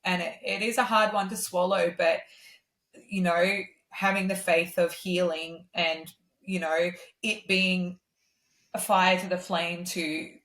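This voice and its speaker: A woman's voice: on the low side, level tone, takes it slowly, fairly bright tone. Earnest woman, roomy sound. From Australia. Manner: candid, earnest storytelling. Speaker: guest singer-songwriter. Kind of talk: casual conversation. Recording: roomy echo.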